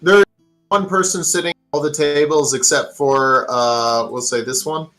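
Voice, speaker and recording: A game master narrating a tabletop game in a relaxed, filler-heavy way. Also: mid-range voice, moderate pace, faint music behind, rough recording.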